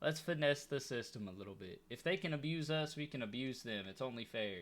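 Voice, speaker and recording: A man's voice: mid-range voice, expressive, brisk, few pauses. A young man commenting on his own football video game, complaining and begging in a comically exasperated way. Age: young adult. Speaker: gaming YouTuber.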